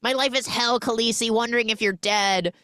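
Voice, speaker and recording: A woman's voice: on the high side, steady tone, a little fast, sharp tone, no room sound, clean studio sound, voice pushed up. Woman putting on a fretful Serbian-accented mother. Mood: frantic. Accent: broken English with Serbian accent. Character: fussy older immigrant mother, anxious, overbearing.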